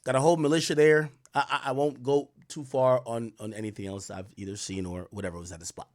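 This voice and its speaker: A man hosting a live stream, telling a story in a profane, excitable way that swings from loud outbursts to low mutters. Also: fast, no echo, clean studio sound. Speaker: streamer host.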